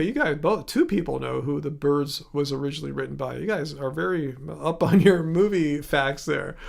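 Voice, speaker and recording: A man hosting a casual livestream from his home studio, chatting with viewers and reading their comments aloud, thinking out loud with frequent restarts. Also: on the high side, creaky. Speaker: livestream host.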